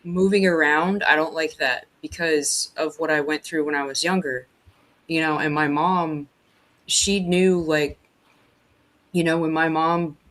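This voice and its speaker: Halting guest telling a personal story. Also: mid-range voice, fairly even intonation, fairly bright tone. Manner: halting, many restarts and fillers.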